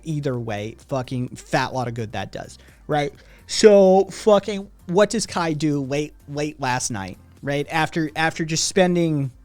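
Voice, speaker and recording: A man hosting a livestream, telling a rambling, profane story to his chat with lots of "right?" asides. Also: a little high. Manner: rambling, heavy swearing, frequent "right?" asides. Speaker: livestream host.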